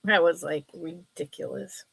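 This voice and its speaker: A woman's voice: lowish voice, fairly even intonation, a little slow, gravelly, fairly bright tone, husky. A woman hosting a casual live sale from her table, chatty and rambling, laughing often as she shows items. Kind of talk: casual live selling stream.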